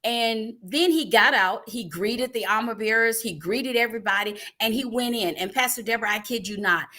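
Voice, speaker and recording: A middle-aged woman hosting a live online church talk show, telling stories in a lively, animated way. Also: a little high, moderate pace. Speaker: ministry host.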